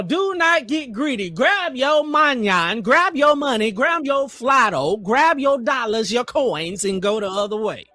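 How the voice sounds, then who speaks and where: A man hosting a live trading stream, chatting casually in an animated, joking, motivational way. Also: high voice, no echo. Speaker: trading livestream host.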